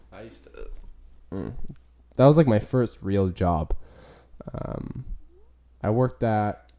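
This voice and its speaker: Young guy, mellow voice. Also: mid-range voice. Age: young adult. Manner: rambling, profane, full of "like" fillers. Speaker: podcast host. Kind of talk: casual chat.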